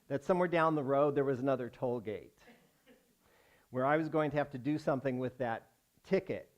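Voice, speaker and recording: A man, a rabbi, giving a sermon as a wry, self-mocking personal story, pausing for the congregation's laughs. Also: medium pitch. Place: synagogue sanctuary with a congregation.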